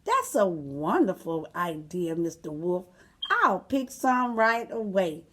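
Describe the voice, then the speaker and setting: A woman's voice: fairly low pitch, big pitch swings, takes it slowly, fairly bright tone, exaggerated voice. A woman doing a sweet, trusting little girl. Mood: earnest.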